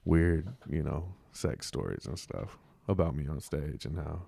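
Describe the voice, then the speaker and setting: Laid-back man, very low gravelly voice, dry close podcast mic. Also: measured pace, mellow, no echo. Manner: laid-back, slangy, lots of "you know what I'm saying". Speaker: podcast guest. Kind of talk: casual interview chat.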